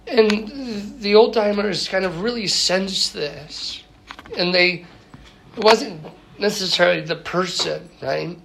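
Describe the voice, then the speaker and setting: A male priest speaks in an interview in a gravelly, creaky voice, stopping and restarting his sentences often. The recording carries a clear layer of background noise. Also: high voice, fairly bright tone, poor audio. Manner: halting, many fillers and restarts. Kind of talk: interview conversation.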